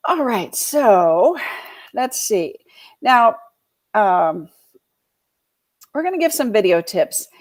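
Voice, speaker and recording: A woman's voice: mid-range voice, very animated, slow, pauses often. Chatty georgia lady hosting a real estate show, rambles, lots of ums and laughs. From Georgia, US South. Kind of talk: casual live-stream talk.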